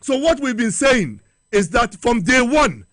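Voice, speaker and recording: A man rallying party supporters on air, fiery and repetitive, shouting his calls and running out of breath. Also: very high-pitched, very animated, measured pace, no echo. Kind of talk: impassioned election-day call to supporters.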